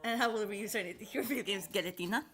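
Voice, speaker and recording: Twenties woman hosting a chill call, giggly, kinda nasal, bright voice. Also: medium pitch, rapid-fire. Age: 20s. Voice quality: nasal at times. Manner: giggly, chatty, self-conscious. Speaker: host. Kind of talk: casual chat.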